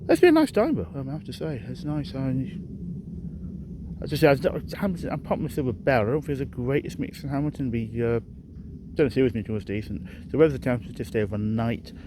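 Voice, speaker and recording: A man's voice: medium pitch, lively intonation, a little fast, background noise. A man rambling through a walking vlog outdoors in a hilly park, correcting himself often and out of breath from the climb. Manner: rambling, self-correcting, chatty. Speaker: vlogger.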